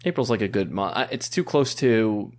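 A man hosting a casual chat, upbeat and quick, with fillers and restarts. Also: fairly low pitch, expressive. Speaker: podcast host. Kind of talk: casual chat, presenting news.

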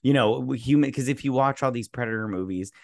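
A man's voice: medium pitch, quick pace, gravelly, no echo. A man co-hosting a podcast, chatting casually and profanely about a movie, rambling with lots of restarts and fillers. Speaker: podcast co-host. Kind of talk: casual movie review chat.

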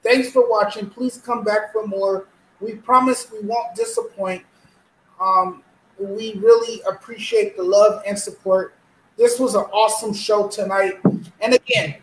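A man's voice: high-pitched, fairly bright tone, a little hiss or hum. A man co-hosting a casual sports talk show, earnest and emotional, often repeating himself. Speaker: co-host. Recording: roomy echo.

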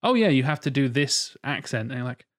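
Man, podcast co-host, casual chat, mid-pitched voice, animated, slips into mock voices. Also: fairly quick. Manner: animated, acts out voices in quotes.

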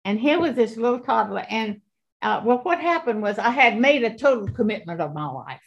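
An elderly woman in her eighties shares her faith as a guest, her fairly high voice stopping and restarting as she repeats words. The recording is dull and lo-fi. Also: animated, vocal fry. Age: 80s. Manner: halting, repeats words, earnest. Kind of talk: faith testimony.

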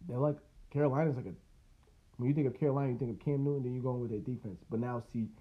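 A man's voice: mid-range voice, steady tone, racing. A man hosting a casual solo podcast, talking loosely and profanely, rambling with laughs and restarts. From United States. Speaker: podcast host. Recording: tinny phone-like line.

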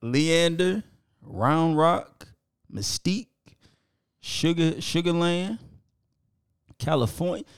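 A man's voice: a little high, extremely slow, pauses often, clean tone, no room sound, clean studio sound. A man co-hosting a podcast, casually reading out listener locations and apologizing when he stumbles over foreign names. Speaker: podcast co-host.

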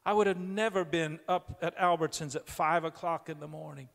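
A middle-aged man preaching a sermon as a pastor in a church, moving from storytelling to loud, emphatic preaching. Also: on the high side, steady tone, normal speed, vocal fry. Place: church sanctuary. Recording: long hall reverb.

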